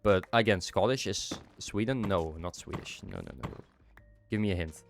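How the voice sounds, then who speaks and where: A young man from the Netherlands chats loosely with his stream chat while he plays. His voice sits very low, and a cold has left his nose stuffed. Faint music plays underneath. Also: normal speed, gravelly. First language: Dutch. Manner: chatty, answers chat while playing. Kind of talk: casual chat while gaming.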